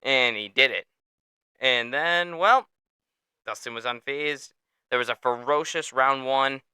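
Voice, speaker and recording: A man hosting a casual sports podcast, telling stories in an animated way, swearing freely and laughing often. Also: medium pitch, measured pace, smooth, no echo. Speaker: podcast host.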